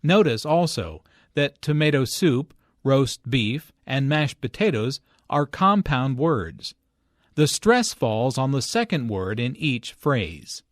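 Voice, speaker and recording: A man narrating a scripted English lesson in a slow, clear, even delivery. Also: medium pitch, no room sound, studio quality. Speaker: English teacher.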